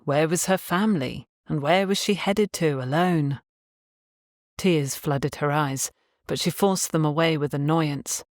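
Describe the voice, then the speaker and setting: A woman reading an audiobook as narrator in a steady, even storytelling manner. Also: low voice, a little slow, no room sound, clean studio sound.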